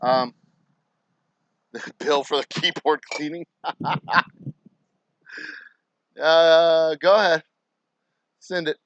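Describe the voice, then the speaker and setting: A man's voice: fairly high pitch, very slow, long pauses, no echo, highs cut off. A man, a distillery owner, ranting and swearing in a casual vlog at his distillery. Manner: profane, ranting, animated.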